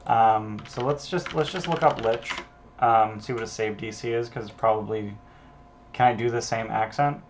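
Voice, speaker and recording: Game master, male, low gravelly voice, offhand musing between read-aloud passages. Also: moderate pace, background noise. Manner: thinking aloud, offhand, sprinkled with casual swearing. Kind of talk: casual solo prep stream, reading module text aloud.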